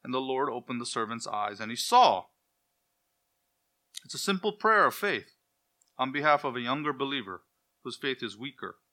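A man's voice: medium pitch, animated, moderate pace, pauses often, bright, forceful tone. A man preaching an expository sermon, explaining Hebrew words and quoting scripture with rising emphasis.

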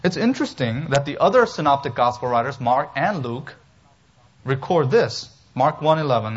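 A man preaching an expository sermon as pastor, emphatic and animated, with humorous asides. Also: a little high, normal speed, dull audio.

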